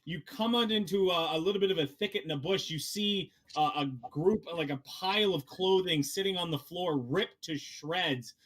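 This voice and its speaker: Guy running a tabletop game, kinda high voice, lots of ums and likes while he narrates. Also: normal speed, few pauses, fairly bright tone. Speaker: game master.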